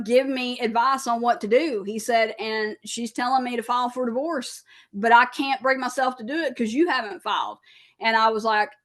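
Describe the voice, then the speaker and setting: A woman in her thirties, a podcast guest candidly telling a personal recovery story and acting out past conversations. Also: on the high side. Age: 30s.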